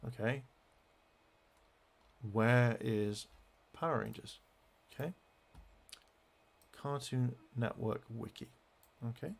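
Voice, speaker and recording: Gravelly man ranting angrily. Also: mid-range voice. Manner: heated, swears constantly, halting restarts. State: angry. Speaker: fan vlogger. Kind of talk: angry rant while browsing web pages.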